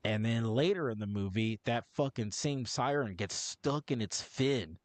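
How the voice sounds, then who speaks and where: A man's voice: medium pitch, expressive, a little slow, dry recording. Rambling, profane male podcast co-host. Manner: profane, rambling, self-interrupting. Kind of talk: casual movie review chat.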